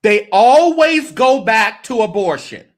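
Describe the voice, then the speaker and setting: A man's voice: sits high, very animated, takes it slowly. A man hosting a church commentary show, reacting to a clip with exasperated, sarcastic asides.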